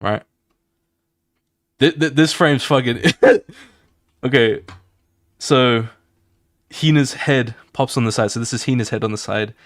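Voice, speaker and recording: A young man talks casually on a live stream while he draws, pitched right in the middle. He gets excited, swears freely and acts out action beats with loud sound effects. The sound is dry and close, with no room around it. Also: slow pace, pauses often, no room sound.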